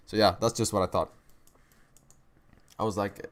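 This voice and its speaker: Deep and steady, the young man's voice moves at normal speed with long pauses as he hosts his live trading stream. He chats loosely with viewers, answering their questions in slang full of "bro" and "right."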